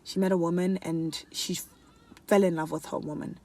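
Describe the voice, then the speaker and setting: Young woman, lowish voice, chatty and animated, casual vlog talk. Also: moderate pace. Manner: chatty, animated, laughs often, switches languages mid-sentence. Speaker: beauty and lifestyle vlogger. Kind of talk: casual chat.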